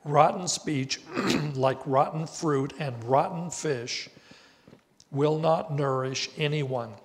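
Older male pastor, unhurried emphatic sermon delivery, voice sits a bit high, long church-hall reverb. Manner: slow, deliberate preaching with emphatic rises. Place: church sanctuary.

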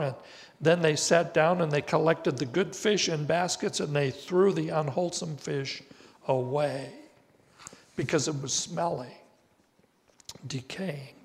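An older man preaching a sermon as pastor, slow and deliberate with emphatic rises on key words. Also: on the high side. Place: church sanctuary. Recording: reverberant church hall.

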